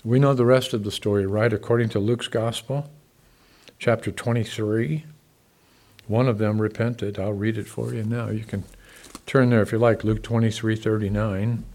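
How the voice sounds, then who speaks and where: A man preaching a sermon, talking conversationally to his listeners, swinging from loud emphatic peaks to soft, quiet asides. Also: lowish voice, fairly even intonation, moderate pace. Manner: conversational, asks the congregation questions. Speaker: pastor.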